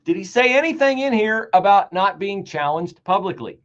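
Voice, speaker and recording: A man hosting a political talk show, delivering an animated, sarcastic and emphatic monologue. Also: high-pitched, moderate pace. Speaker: radio talk show host. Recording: dull lo-fi sound.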